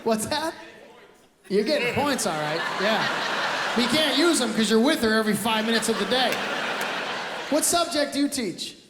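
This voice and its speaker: Performing stand-up in a large theater before a live audience, a Canadian man with a high voice is animated, speaks at a moderate pace, and takes long pauses. He tells brash, loud stories and acts out outbursts. The roomy live recording is very noisy with audience laughter.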